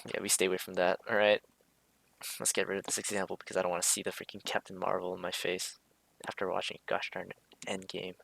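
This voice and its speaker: Male streamer, casual hesitant commentary, bright tone, dry close recording. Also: sits low, completely flat delivery, fast, gravelly, dry recording. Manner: hesitant, many fillers and restarts, self-interrupting. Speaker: streamer explaining a drawing. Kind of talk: casual rambling commentary over a drawing.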